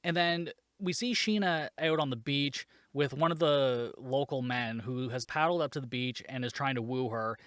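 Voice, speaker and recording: A man's voice: medium pitch, normal speed, hardly any pauses, a bit bright, clean tone, dry recording. Male podcast host, mid-range voice, sarcastic and profane, dry booth sound. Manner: sarcastic, swears freely, laughs at the plot. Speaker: podcast host reviewing a movie. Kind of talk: casual solo recap.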